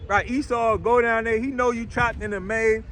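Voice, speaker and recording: A man preaching outdoors on a city street, blunt and rough-spoken, hammering each point with "right?" and "man". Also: very high-pitched, steady tone, moderate pace, fairly bright tone.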